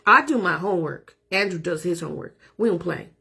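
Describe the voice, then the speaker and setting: A woman's voice: lowish voice, expressive, fairly quick, gravelly, pushed and bright, breathy edge. A middle-aged woman real estate agent talking casually to viewers, emphatic and self-assured. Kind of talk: casual live talk to viewers.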